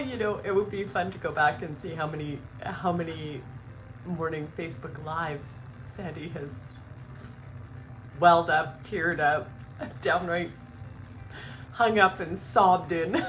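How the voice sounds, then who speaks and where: A woman's voice: lowish voice, slow, pauses often, slight background noise, rough recording. A woman hosting her morning live stream, chatting emotionally, laughing through tears and gushing with many restarts. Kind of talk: casual emotional chat.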